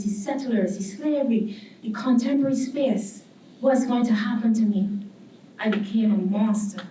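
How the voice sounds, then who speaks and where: A woman's voice: medium pitch, dark tone. A Barbadian woman, likely in her thirties, giving a lecture as a guest artist, telling her story animatedly and acting out what people said. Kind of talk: public lecture. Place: lecture hall. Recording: roomy hall, distant mic, faint room noise.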